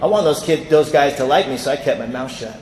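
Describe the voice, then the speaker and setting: A man's voice: medium pitch, quick pace, darkish tone, a little hiss or hum. A man from California telling his recovery story to a convention audience, acting out the people in it. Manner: storytelling, acts out quoted people. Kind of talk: personal recovery story told to a crowd. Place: large convention hall. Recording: echoey hall with long reverb.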